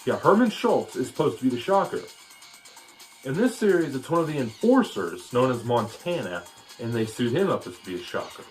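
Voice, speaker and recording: A man delivers a casual, opinionated video critique at a middle pitch. He rambles and restarts often, and faint music plays under his voice. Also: big pitch swings, brisk. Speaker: video commentator.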